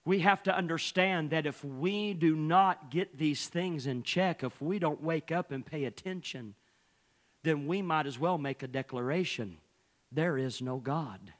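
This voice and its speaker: A man's voice: fairly high pitch, a little slow. A male pastor preaching a fervent sermon, opening nearly every phrase with "uh".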